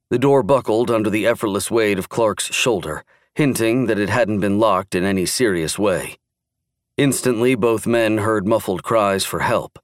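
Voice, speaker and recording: A man narrating a thriller audiobook in a steady, even storytelling manner. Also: lowish voice, no echo, clean studio sound. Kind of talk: scripted narration.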